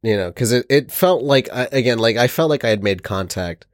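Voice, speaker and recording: A man's voice: medium pitch, expressive, fairly quick, no echo, clean studio sound. A man in casual chat, telling an earnest, rambling account.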